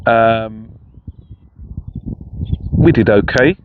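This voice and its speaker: A middle-aged man talks casually outdoors, rambling and restarting his sentences. His voice sits a little low. The recording is dull and lo-fi, with faint noise behind. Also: very slow. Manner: rambling, chatty, many restarts. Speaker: vlogger. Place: outdoors in a park.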